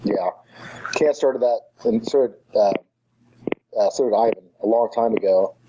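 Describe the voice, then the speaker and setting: Podcast guest, husky man, mellow tone, halting delivery, muffled lo-fi sound. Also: lowish voice. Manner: halting, filler-heavy, thinking aloud. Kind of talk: casual chat. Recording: dull lo-fi audio.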